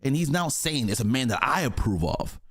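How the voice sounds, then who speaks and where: A man hosting a reaction video, talking casually in an animated, rambling way with chuckling asides. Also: medium pitch, fairly quick, breathy edge.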